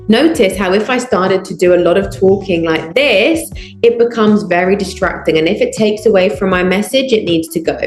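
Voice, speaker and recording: A woman coaching public speaking in an online lesson, emphatic and building up lists of short punchy phrases. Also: lowish voice. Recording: roomy echo.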